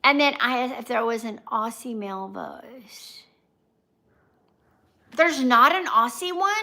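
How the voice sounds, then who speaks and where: A slightly high, expressive female voice moves at a slow pace with long pauses, sounding pushed and bright. She is a vlogger hosting a casual livestream, chatting, reading viewers' comments aloud and greeting people by name.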